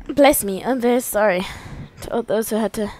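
A young woman giving casual, excitable gameplay commentary, swearing freely and talking to the characters on screen. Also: fairly high pitch, a little fast, no echo. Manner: excitable, swears a lot, talks to the game characters. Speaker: let's play host.

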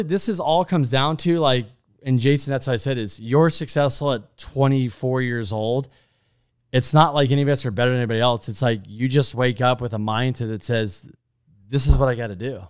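A man co-hosting a casual podcast chat, speaking at an ordinary middle pitch. He rambles through animated stories, stacking restarts and asides as he goes. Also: clean tone. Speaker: podcast co-host.

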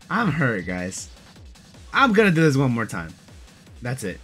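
Young dude ranting over his phone game, says bro a lot, mid pitched, faint music behind. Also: sing-song, fairly quick, long pauses, fairly bright tone. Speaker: mobile game YouTuber. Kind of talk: casual gameplay commentary.

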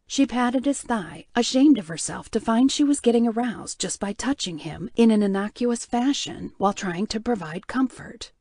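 A woman reading an audiobook in a measured, even storytelling manner. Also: fairly high pitch, husky, no echo. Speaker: audiobook narrator. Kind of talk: scripted narration.

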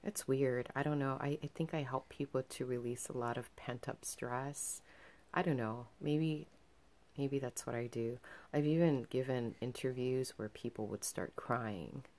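A woman's voice: very deep voice, measured pace, darkish tone. A young adult woman telling a personal story in a casual vlog, chatty and earnest, full of fillers. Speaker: vlogger.

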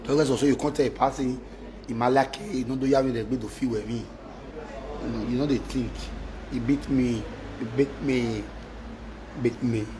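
A man's voice: medium pitch, fairly even intonation, moderate pace, pauses often, a crowd in the background, poor audio. A man with a Nigerian accent in an emotional rant to his wife, repeating himself and mixing in Pidgin exclamations. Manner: repetitive, mixes Pidgin with exclamations.

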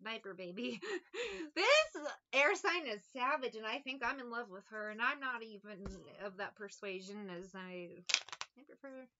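A woman's voice: fairly high pitch, animated, measured pace, pushed and bright, muffled recording. A woman giving a casual tarot reading in a blunt, profane, mocking way. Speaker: tarot reader.

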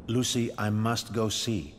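A man's voice: on the low side, steady tone, slow, slight background noise. An actor playing a formal, genteel male doctor in a horror video game. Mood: urgent. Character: prim old-fashioned male doctor, mannered and evasive.

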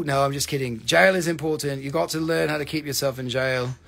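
A man hosting a live stream that sells crystals, talking in an excitable, joking, profane and rambling sales patter. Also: fairly high pitch, fairly quick, gravelly.

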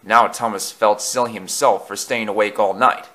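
A man reading a storybook aloud with expressive, dramatic narration. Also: on the low side, moderate pace.

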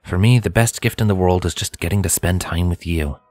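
A man voicing a caring young human father who talks gently and jokes warmly. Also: low voice, fairly quick, no room sound, close to an everyday voice, rough recording. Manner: gentle, joking and warm. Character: warm caring young adult human dad.

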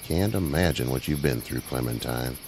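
A weathered older farmer in a video game, with a very deep, gravelly voice that swings widely in pitch. He speaks in a slow, folksy, measured way, wary but kind. Loud cricket noise sits behind the game audio. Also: lively intonation. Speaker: farmer offering shelter. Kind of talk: game voice acting. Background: crickets and night ambience.

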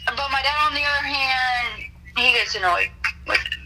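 A woman's voice: sits high, moderate pace, very noisy. A woman chatting while gaming with a friend, teasing, swearing, and laughing a lot. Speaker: gaming teammate. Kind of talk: casual gaming chat.

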